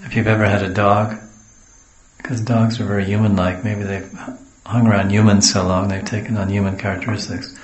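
A man's voice: lowish voice, flat delivery, fairly quick, echoey room, poor audio. A man from the West giving a storytelling sermon as a spiritual teacher, wandering into homely asides and acting out what people say. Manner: digressive, homely asides, acts out quotes.

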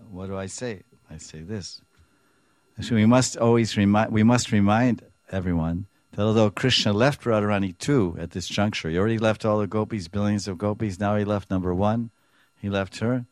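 Low-voiced man giving animated scripture commentary. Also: no room sound. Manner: animated storytelling, acts out dialogue, chuckles often. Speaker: spiritual teacher.

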